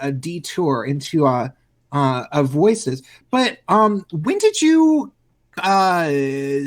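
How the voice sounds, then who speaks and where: A man's voice: fairly high pitch, a bit bright, dry recording. A man hosting a podcast, talking bluntly and rambling with lots of fillers. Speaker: podcast host. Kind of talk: casual conversation.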